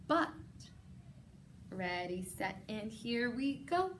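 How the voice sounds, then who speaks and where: A woman teacher reading a picture book aloud to children, expressive and encouraging. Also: fairly high pitch, slow, a little hiss or hum. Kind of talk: children's story read-aloud.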